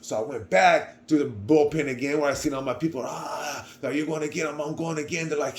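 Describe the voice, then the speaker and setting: A young man telling a personal story in casual slang, animated, acting out other people's voices and often trailing off quietly. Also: on the high side, moderate pace.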